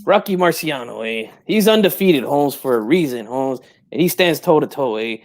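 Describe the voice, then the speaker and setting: A man's voice: mid-range voice, expressive, moderate pace, close to an everyday voice. Man doing a brash old-school boxing dad. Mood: boastful. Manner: streetwise slang, tags every line with "eh" and "Holmes". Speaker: guest in character.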